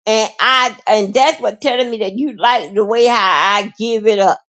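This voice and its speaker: A woman hosting a livestream, rambling in a halting, repetitive way with many fillers and plenty of emotion. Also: fairly high pitch, fairly bright tone. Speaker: livestream host. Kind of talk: rambling live-stream monologue.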